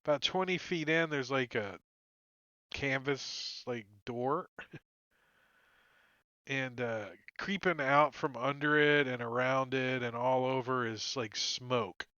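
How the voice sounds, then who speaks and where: A man runs a tabletop game in a loose, chuckling way, full of "like" and "uh". His voice is bright and forward. The sound is dry and slightly dull, a lo-fi recording. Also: medium pitch, takes it slowly, clean tone, no echo. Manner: casual, chuckling, lots of "like" and "uh". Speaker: game master.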